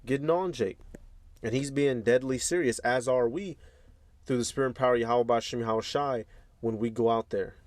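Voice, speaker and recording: A male host giving casual reaction commentary in an easygoing, slangy way. He chuckles often and reads passages aloud in a relaxed, mid-pitched voice. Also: brisk, no room sound. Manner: laid-back, chuckling, slangy.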